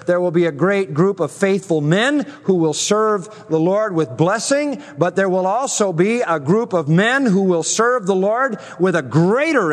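A man preaching a sermon as a pastor, measured and emphatic, slowing down to stress key words. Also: sits high, big-room sound.

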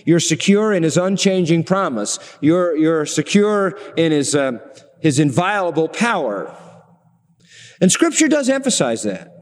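A middle-aged man with a high-sitting voice preaches a sermon in a large hall. He slows down for emphasis and poses rhetorical questions to the congregation.

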